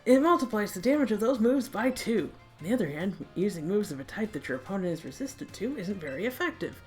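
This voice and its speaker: A woman's voice: mid-range voice, sing-song, fast talker, faint music behind, lightly acted. A woman reading as an encouraging math teacher. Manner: gentle, encouraging classroom tone.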